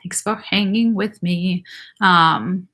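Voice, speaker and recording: A woman's voice: on the low side, takes it slowly, bright, forceful tone. A young woman hosting a casual livestream Q&A as a nurse practitioner, chatty and rambling with many fillers, reading viewer comments aloud.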